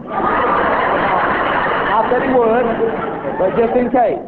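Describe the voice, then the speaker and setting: A male preacher telling a humorous story to an audience, animated and acting out the voices of the people in it. The recording is tinny and lo-fi with noise. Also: high-pitched, a little slow, pauses often.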